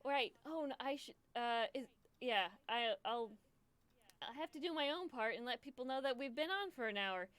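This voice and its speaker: A woman's voice: high-pitched, expressive, normal speed, a bit bright, clean tone, dry recording. A young woman hosting a charity livestream, emotional and choked up, stammering and repeating herself as she talks casually to her viewers. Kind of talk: casual live stream chat.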